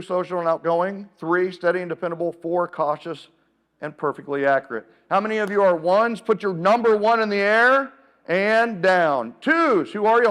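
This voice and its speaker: Guy doing a keynote to a live room, hypes up the crowd, kinda high voice, playful. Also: clean tone. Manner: energetic, playful, calls out to the crowd. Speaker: keynote speaker. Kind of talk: live seminar talk to an audience. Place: event room with a live audience.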